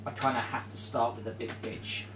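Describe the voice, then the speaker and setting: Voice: mid-range voice, flat delivery, brisk. A player chatting playfully and swearing while moving pieces in a tabletop wargame, humming little sound effects. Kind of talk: casual chat during a game. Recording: roomy distant mic with background noise.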